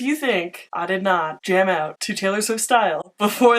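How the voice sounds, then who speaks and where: A woman's voice: mid-range voice, lively intonation, moderate pace, hardly any pauses. A young woman with a mid-range voice chats through a makeup tutorial. She walks through each step and pokes fun at herself in little asides. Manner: chatty, self-mocking asides. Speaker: beauty vlogger.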